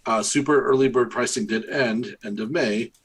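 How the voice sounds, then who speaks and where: A man's voice: medium pitch, breathy edge. Easygoing man co-hosting a podcast. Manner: easygoing, teasing, quick interjections. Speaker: podcast co-host. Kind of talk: casual podcast chat.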